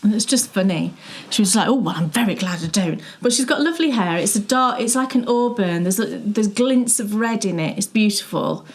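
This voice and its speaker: A woman's voice: medium pitch, lively intonation, a little fast. A middle-aged woman co-hosting a knitting show, chatting casually and telling stories with frequent laughs. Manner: chatty, storytelling, laughs often. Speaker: podcast co-host.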